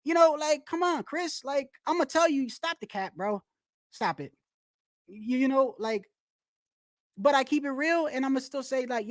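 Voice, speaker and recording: A woman's voice: high-pitched, lively intonation, unhurried, no echo, studio quality. Blunt, swearing woman ranting on stream. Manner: blunt, emphatic, swears, many restarts. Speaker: boxing commentary streamer. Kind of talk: live stream commentary, casual rant.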